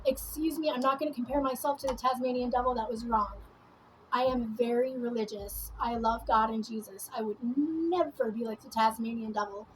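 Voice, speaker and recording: A woman's voice: a little high, moderate pace, slight background noise, rough recording. Rambling, foul-mouthed woman vlogger. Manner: rambling, profane, many fillers. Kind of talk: casual rambling monologue. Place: at home doing her makeup.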